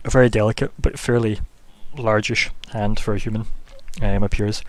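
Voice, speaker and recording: A man's voice: lowish voice, fairly even intonation, normal speed. Rambling man narrating as game master. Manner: rambling, loose, full of fillers like "kinda" and "like".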